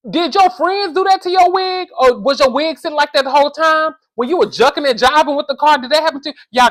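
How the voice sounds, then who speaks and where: A woman with a fairly high voice delivers casual comedic commentary on reality TV. She is animated and exasperated, scolding in slang as she talks straight to her viewers.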